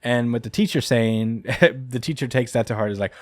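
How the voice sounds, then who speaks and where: A man's voice: mid-range voice, fairly even intonation, normal speed, hardly any pauses, no echo, clean studio sound. A man hosting a podcast who recaps a manga chapter in casual chat. He rambles, chuckles often and fills his speech with "uh" and "like.". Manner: rambling and chuckling, many fillers. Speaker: podcast host.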